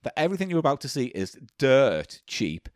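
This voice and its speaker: A British man with a mid-pitched, animated voice. He runs a cheap-items guessing game with teasing, rambling, dry jokes, and the recording is dry and close. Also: a little fast, no echo. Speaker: podcast co-host running a guessing game. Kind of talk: casual comedic banter.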